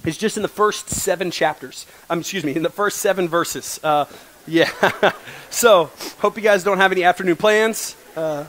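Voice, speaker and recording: Earnest young man preaching, high-ish voice. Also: moderate pace, fairly bright tone, slight background noise. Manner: earnest, emotional, joking asides. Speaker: college ministry pastor. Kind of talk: sermon. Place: coffee shop worship service.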